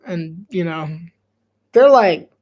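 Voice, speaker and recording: A young Florida woman chats casually over a live game on a sports stream, her voice fairly low and darkish in tone. She's animated but takes her time, giggling often, leaning on "like," and acting out quoted voices.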